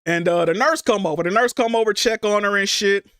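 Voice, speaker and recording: A man's voice: high voice, brisk, fairly bright tone, clean tone, dry recording, clean studio sound. A man streaming, telling a personal story in a rambling, casual way, restarting and repeating himself and swearing freely.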